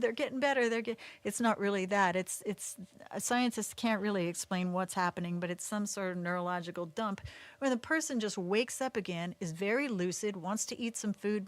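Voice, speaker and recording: A woman's voice: medium pitch, dry recording. A woman co-hosting a livestream, telling a personal story in casual chat and laughing often as she talks. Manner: animated, laughs through the story. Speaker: livestream co-host.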